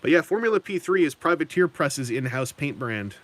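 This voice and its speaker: Rambling, lively-pitched man streaming. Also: brisk. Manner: rambling, self-correcting, chuckling asides. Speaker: streamer painting miniatures. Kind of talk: casual live-stream chat.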